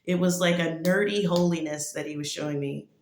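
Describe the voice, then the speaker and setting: A woman's voice: lowish voice, brisk, slight background noise. Rambling woman in an echoey room. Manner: rambling, heavy use of "like" fillers. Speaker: testimony speaker. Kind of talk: casual spoken testimony.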